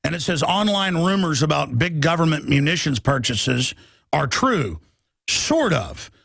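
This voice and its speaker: A male radio talk show host giving an emphatic, mocking political monologue that rises toward shouting. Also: fairly high pitch, very animated, unhurried, vocal fry, no echo, studio quality.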